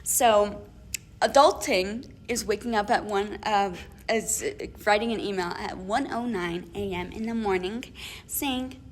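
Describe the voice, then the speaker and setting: A young woman co-hosting a casual chat podcast, telling an animated story with lots of laughs and acted-out emails. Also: medium pitch, unhurried, a little hiss or hum. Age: young adult. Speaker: podcast co-host.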